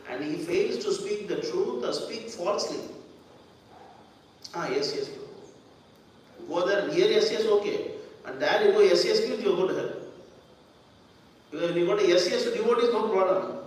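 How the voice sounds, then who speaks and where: Preacher in a big echoing hall. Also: male voice, sits high. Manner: conversational, repeats words, acts out quoted voices. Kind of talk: sermon. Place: temple hall. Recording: echoey hall from far off.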